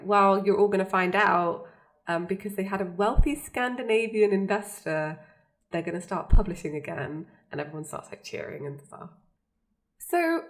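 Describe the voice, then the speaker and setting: A woman co-hosting a podcast, chatting casually as she recaps a TV episode and quotes the characters. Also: medium pitch. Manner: chatty, frequent fillers and laughter, quotes characters. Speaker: podcast co-host.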